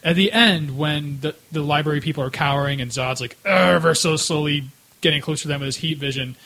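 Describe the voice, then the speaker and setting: A man co-hosting a casual podcast chat, animated, breaking into shouted impressions. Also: a little high, brisk, gravelly, rough recording. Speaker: podcast co-host.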